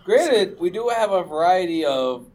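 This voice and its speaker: A man's voice: high voice, animated, unhurried, noisy background. A young man in a casual podcast chat who teases his friends with wry quips.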